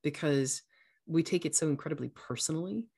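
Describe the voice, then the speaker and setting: A woman's voice: low voice, fairly quick, mellow, breathy edge. A woman hosting a casual podcast, talking earnestly as a coach and acting out voices now and then. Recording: echoey room sound.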